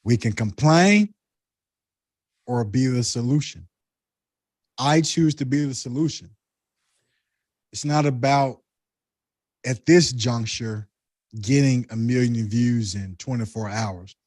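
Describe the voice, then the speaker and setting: In casual conversation, a man with a Southern US accent shares spiritual musings, speaking deliberately and reflectively. His voice is mid-range and darkish in tone, recorded without echo.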